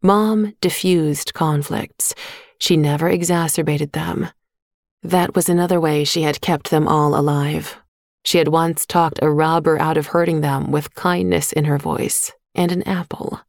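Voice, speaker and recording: A woman narrating a short story in a measured, even voice on a close microphone. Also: low voice, vocal fry, dry recording. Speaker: audiobook narrator. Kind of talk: scripted narration.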